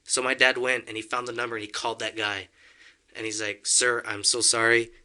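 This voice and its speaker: Young guy spinning a funny story, super bright voice, does little voices for people. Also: medium pitch, fast talker. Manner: animated storyteller, acts out quotes, laughs often. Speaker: podcast guest. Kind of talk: casual storytelling.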